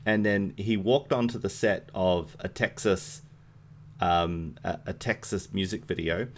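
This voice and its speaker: Low-pitched and unhurried, with a little hiss or hum on the recording, this podcast co-host enthuses about films in casual conversation. He curses freely and his sentences drift off into fillers.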